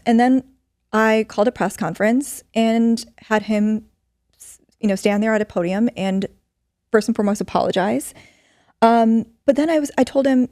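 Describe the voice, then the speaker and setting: A woman's voice: a little high, fairly even intonation, moderate pace, mellow, no echo, studio quality. A middle-aged woman, a podcast guest, telling a story earnestly in conversation with many fillers. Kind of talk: storytelling in an interview.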